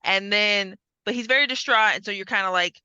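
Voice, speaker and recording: A woman's voice: medium pitch, a little fast, sharp tone, smooth, no room sound, highs cut off. A woman hosting a podcast, chatting casually, swearing freely and acting out lines as she retells a story. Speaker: podcast host. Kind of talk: casual chat.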